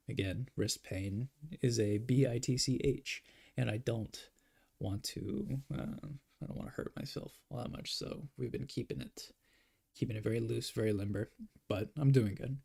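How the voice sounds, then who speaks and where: Young man, gravelly voice, casual drawing stream, rambling, self-deprecating, tired. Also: medium pitch, darkish tone. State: yawning, tired. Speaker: art streamer. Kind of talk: casual drawing livestream chat.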